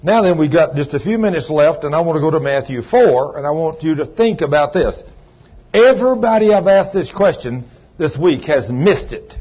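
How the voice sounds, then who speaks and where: Folksy preacher with a husky voice. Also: male voice, fairly high pitch, expressive, moderate pace, muffled recording. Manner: folksy, calls on congregation members by name. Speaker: pastor. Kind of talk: sermon. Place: church.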